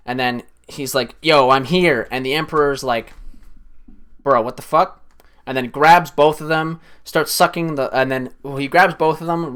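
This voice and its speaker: A young man casually recapping a film on a stream, rambling and profane, excitedly acting out lines from the scenes. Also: medium pitch, clear, resonant tone.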